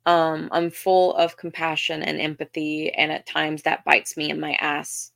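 A woman's voice: low-pitched, flat delivery, unhurried, gravelly, fairly bright tone, no echo, studio quality. A young woman with a Southern US accent hosting her own podcast, telling stories in a chatty, self-deprecating way with lots of restarts. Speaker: podcast host. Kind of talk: casual storytelling monologue.

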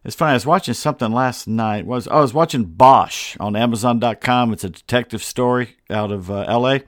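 A man's voice: mid-range voice, a little fast, no echo, clean studio sound. A middle-aged man hosting a casual sports podcast from a home setup, talking in a rambling, wry way with self-deprecating asides. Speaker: podcast host.

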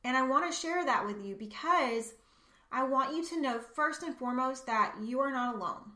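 A woman's voice: high-pitched, expressive, moderate pace, bright, forceful tone, roomy sound. A woman podcast host sharing a personal story in an earnest, emotional way, speaking straight to her listeners.

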